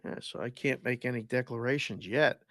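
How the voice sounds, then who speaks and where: A man co-hosting a sports podcast, a former player and youth coach, explaining hockey in a measured, wry way. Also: mid-range voice, a bit bright, no room sound, studio quality. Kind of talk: casual sports talk.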